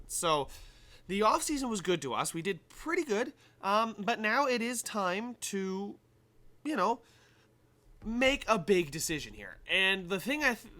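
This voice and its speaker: A young man with a high, pushed, bright voice rambles through casual game commentary, thinking aloud with lots of fillers while he plays. He's a gaming YouTuber.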